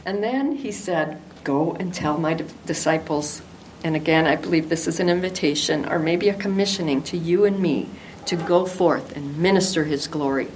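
A woman's voice: fairly low pitch, normal speed, a little mellow, slight background noise, poor audio. An older woman teaching the Bible to women in an earnest, affectionate devotional talk.

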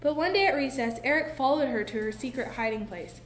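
A woman reading a children's book aloud, expressive, with slow dramatic pauses. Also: sits high. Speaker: narrator. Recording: echoey room with faint hiss.

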